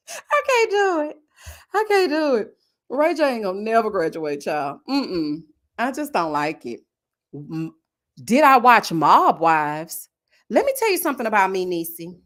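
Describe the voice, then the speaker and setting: A woman in her thirties hosting a live stream, chatting in a casual, animated, slangy way and telling stories. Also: a little high. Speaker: YouTube host.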